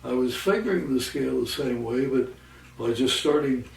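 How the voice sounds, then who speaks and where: A man teaching a guitar lesson, explaining halting with many restarts and counting beats aloud. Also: mid-range voice, vocal fry, far from the mic. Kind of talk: lesson with demonstrations. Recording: roomy, from off the mic, faint noise.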